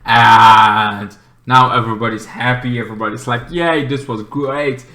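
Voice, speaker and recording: A man giving a casual movie review, rambling and excitable, with many fillers. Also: mid-range voice, unhurried, roomy sound.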